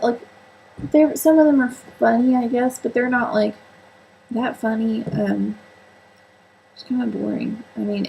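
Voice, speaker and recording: A woman talks through her crafts and reading in a loose, rambling home vlog, poking fun at herself as she goes. Her mid-pitched voice slips into vocal fry. A faint hiss of room noise sits under her. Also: a little mellow, low-quality recording. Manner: chatty, rambling, self-mocking, many fillers. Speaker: book and sewing vlogger. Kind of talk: casual solo vlog chat.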